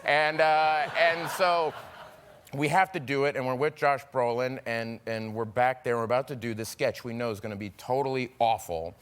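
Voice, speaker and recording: A man, a talk show guest, telling animated anecdotes with frequent laughter in casual chat. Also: mid-range voice, moderate pace, a little hiss or hum. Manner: animated storyteller, laughing often, slips into acted voices.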